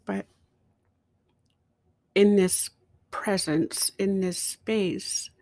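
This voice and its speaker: A middle-aged woman, host of her own show, slowly telling a personal story and sometimes dropping to a whisper. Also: mid-range voice, steady tone, darkish tone, no echo, studio quality. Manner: slow, reflective storytelling, dropping to a whisper at times. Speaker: podcast host. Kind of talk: personal testimony.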